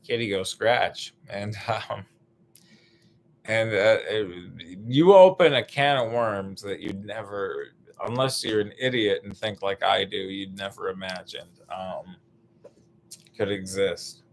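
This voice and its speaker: A young American man doing a rambling, profane stand-up bit, full of fillers and restarts, now and then bursting into loud put-on voices. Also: on the low side, slow, slight background noise. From United States. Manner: meandering, profane, lots of fillers, sudden shouted bits. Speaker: stand-up comedian.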